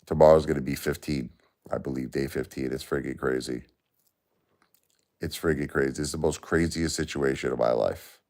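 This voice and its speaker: A man's voice: extremely low pitch, steady tone, moderate pace, darkish tone. A man hosting a live stream, talking in an exhausted, distressed way and repeating himself. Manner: weary, distressed, repetitive. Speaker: livestream host. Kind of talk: emotional live stream talk to chat.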